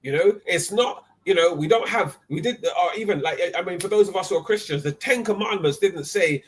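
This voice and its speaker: A man's voice: high-pitched, fast, few pauses, husky. A man hosting a live online talk, emphatic and often tagging his points with "right?". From Nigeria. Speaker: host.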